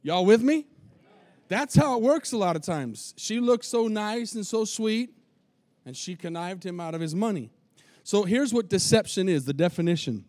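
High-voiced pastor preaching. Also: male voice, lively intonation, normal speed, darkish tone, no room sound, studio quality. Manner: folksy, calls for congregation responses. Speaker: lead pastor. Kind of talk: sermon. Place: church with a tin roof.

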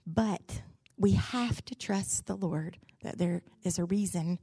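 A woman's voice: on the low side, slow pace, mellow, slightly rough, no room sound. A woman, a pastor's wife giving a devotional talk in a folksy, candid, humorous storytelling way. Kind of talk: sermon-style devotional storytelling.

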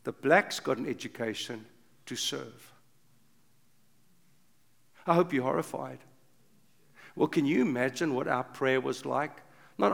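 An older man preaching an impassioned sermon, swinging from loud urgent bursts to hushed low passages. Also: a little slow, creaky, pauses often. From South Africa. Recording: long reverb of a big hall.

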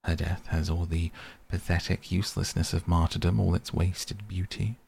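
Guy reading as a vain young dandy, low gravelly voice, drawls on and on. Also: fairly even intonation, normal speed, darkish tone, slight background noise. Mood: languid. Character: young male aesthete, cool and self-absorbed.

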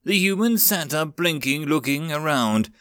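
A man narrating a story aloud in an expressive, lively reading. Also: a little high, measured pace, clean tone, no echo, clean studio sound.

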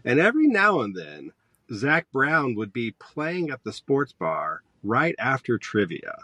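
Animated opinionated man, dry close sound. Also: mid-range voice, unhurried, no room sound. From Georgia, US. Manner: animated, opinionated, wanders onto tangents. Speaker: podcast guest, high school teacher. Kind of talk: casual conversation.

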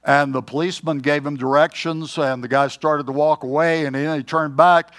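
An older man preaching a sermon in a folksy, joking way, often clearing his throat. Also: on the high side, fairly even intonation, normal speed, fairly bright tone.

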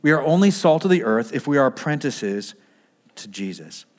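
A man's voice: medium pitch, big pitch swings, moderate pace. A man in a pastor's role preaching a sermon in a conversational way, asking the congregation questions and answering them himself, with his voice muffled by a mask. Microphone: wearing a mask.

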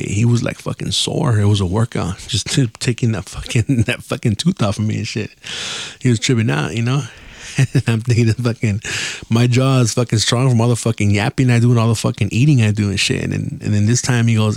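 A man with a low, gravelly voice rambles through a profane story on his podcast. He laughs often and talks loosely, as if chatting with friends. The sound is close and dry, with no room around it. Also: a little fast, a little mellow, no room sound. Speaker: podcast host. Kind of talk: casual storytelling rant.

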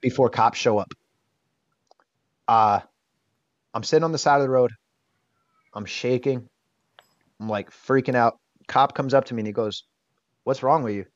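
Male guest, mid-pitched, frank storyteller, dull dry recording. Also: normal speed, long pauses, no echo. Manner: animated, candid storyteller who swears casually. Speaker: interview guest. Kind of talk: casual storytelling.

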